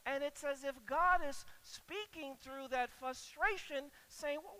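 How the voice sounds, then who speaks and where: Preacher, sermon delivery; bright, keen tone; builds to loud rhetorical questions, stammers on repeats. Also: high voice, takes it slowly, low-quality recording. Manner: rises to loud, emphatic rhetorical questions, then drops quiet; stammers and repeats words when stressing a point.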